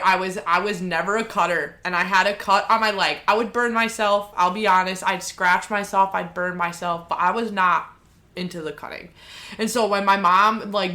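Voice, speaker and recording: A young woman co-hosting a podcast, telling stories with lots of swearing and loud acted-out quotes. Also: medium pitch. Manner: animated storyteller, swears freely, acts out quotes loudly. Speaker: podcast co-host. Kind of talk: casual chat.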